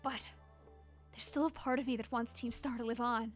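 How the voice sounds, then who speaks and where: A woman reading as a quiet, shy young gang boss. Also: a little high, fairly even intonation, normal speed, faint music behind, lightly acted. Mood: earnest.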